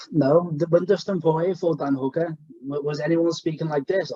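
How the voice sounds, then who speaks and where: A man's voice: a little high, fairly even intonation, normal speed, dark tone, no echo, highs cut off. A young man co-hosting a podcast, chatting casually and rambling with restarts. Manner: rambling, full of fillers and restarts. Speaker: podcast co-host. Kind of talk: casual chat.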